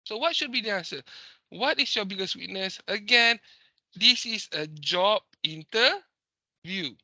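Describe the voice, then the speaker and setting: A Malaysian man teaching an online class, his voice high and intensely bright. He lectures emphatically, mixing Malay and English. The sound is dry and close, as on a video call. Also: lively intonation, unhurried, no room sound.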